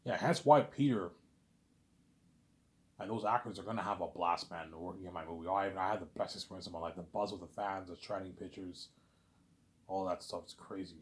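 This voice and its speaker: Fast-talking, low-voiced rambling man. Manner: rambling, swears often, repeats words, says "man" a lot. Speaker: vlogger. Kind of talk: casual ranting monologue.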